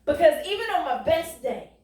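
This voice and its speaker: Woman pastor, high voice, chatty call-and-response preaching, recorded far off in an echoey church. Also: sing-song, moderate pace, darkish tone. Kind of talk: sermon. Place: church sanctuary. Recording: roomy, distant church recording.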